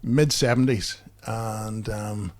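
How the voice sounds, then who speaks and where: A Belfast man co-hosting a podcast takes it slowly, his voice low-ish, steady and a little mellow. He rambles through funny anecdotes with plenty of fillers, a chatty storyteller who laughs at his own jokes.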